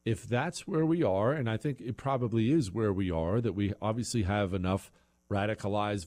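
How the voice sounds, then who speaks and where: A man's voice: on the low side, darkish tone. A man hosting a political talk radio show, ranting in a heated, emphatic way.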